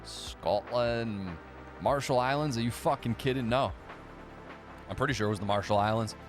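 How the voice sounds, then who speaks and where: A man's voice: medium pitch, normal speed, over music. A man hosting a casual livestream, reading viewer chat and answering with profane, sarcastic banter.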